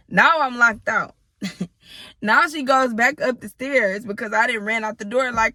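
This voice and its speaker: Speaking a little slowly, a woman in her thirties with a sharp tone and fairly high pitch shares a personal story as a storytime vlogger. Her style is casual, blunt and profane, and she frequently speaks straight to her viewers.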